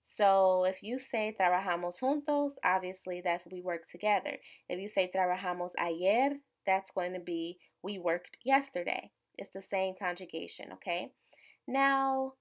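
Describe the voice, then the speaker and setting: Woman tutor for a video language lesson, slow and patient, explains each step and checks in often. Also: mid-range voice. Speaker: online Spanish tutor.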